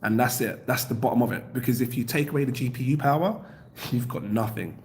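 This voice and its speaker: Hosting a crypto livestream, a young man chats casually and briskly, reading viewer comments aloud, laughing often and jumping up in pitch when excited. A little hiss or hum can be heard.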